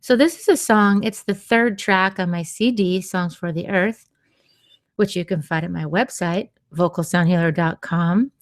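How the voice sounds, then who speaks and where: A woman hosting a radio show on sound healing, talking gently and unhurriedly, with soft laughs and quiet asides. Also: lowish voice, moderate pace, dry recording, clean studio sound. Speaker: radio show host and vocal sound healer. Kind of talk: slow, soothing radio talk.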